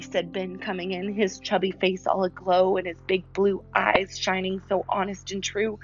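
A woman narrating a storybook in an expressive, animated reading voice. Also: mid-range voice, normal speed, hardly any pauses, highs cut off, soft background music. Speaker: audiobook reader.

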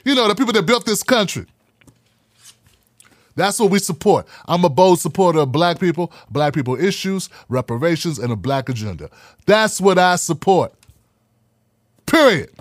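A man hosting a live podcast, talking in an animated, preachy way and repeating phrases for emphasis. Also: sits high, moderate pace, long pauses, dry recording, clean studio sound. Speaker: podcast host. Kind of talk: live-streamed podcast talk.

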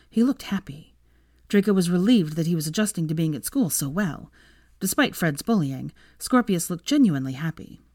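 A woman narrating a fanfiction audiobook with a steady, measured reading. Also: fairly low pitch, dry recording, clean studio sound. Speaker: fanfiction reader.

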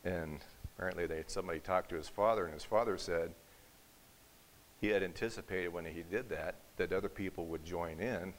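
A man preaching a sermon in church, telling a story with acted quotes and building to forceful emphasis. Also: low voice, fairly quick, low-quality recording. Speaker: pastor. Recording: faint hiss.

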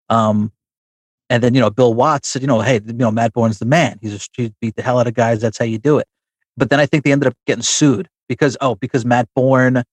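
A podcast co-host in casual chat about wrestling figures tells a long story full of restarts and fillers. His voice is mid-range and the recording is dry.

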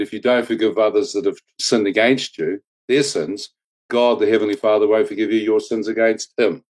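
A man, earnestly recounting a personal near-death testimony with reflective pauses and wry humor. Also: lowish voice, darkish tone. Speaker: guest telling his testimony.

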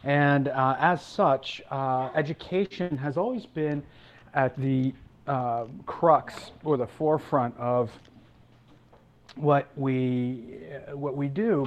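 A man's voice: medium pitch, a little slow, muffled recording. A man, an ocean explorer guesting on a casual interview chat, speaking thoughtfully and articulately with light fillers.

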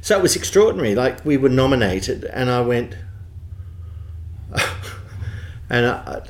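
A man with an Australian accent, a theatre producer telling lively backstage anecdotes in an interview. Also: mid-range voice, measured pace, a little hiss or hum. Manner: animated storyteller, does voices in quotes.

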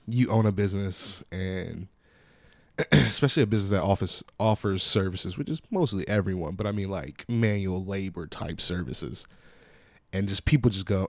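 Young male podcast host, lower voice, loose and profane, recorded dry. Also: dry recording. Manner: laid-back, profane storytelling with acted-out quotes. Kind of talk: casual chat.

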